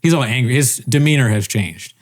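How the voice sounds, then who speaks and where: Brief: male podcast co-host, mid-pitched, animated storyteller who swears and laughs a lot. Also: a little fast. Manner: animated storytelling, acts out quoted people; swears casually, laughs often. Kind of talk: casual chat.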